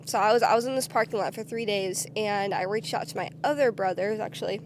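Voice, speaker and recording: A young woman telling her own story to the camera in a casual, candid way, full of "like" and quick restarts. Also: mid-range voice, a little hiss or hum. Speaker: vlogger.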